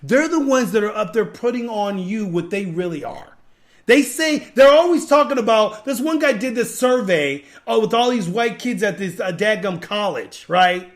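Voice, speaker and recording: A man's voice: sits high, animated, normal speed. A man hosting a podcast, giving an emphatic, repetitive, preachy rant to his viewers. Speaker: podcast host. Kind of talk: ranting commentary.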